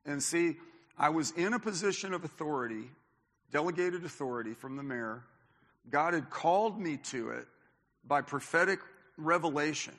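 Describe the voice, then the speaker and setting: Man pastor preaching, tells stories n acts out the lines, bright voice, long echo in the church. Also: a little high, moderate pace. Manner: animated storyteller, acts out quotes, many restarts. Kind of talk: sermon with personal storytelling. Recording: long reverb of a church hall.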